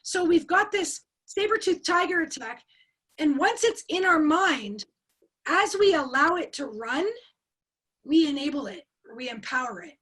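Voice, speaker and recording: A woman's voice: high-pitched, expressive, unhurried, fairly bright tone. A woman teaching a live online forum over a video call, quizzing her audience and repeating key words with energy. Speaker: speaker at an online coaching forum. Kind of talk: interactive webinar teaching.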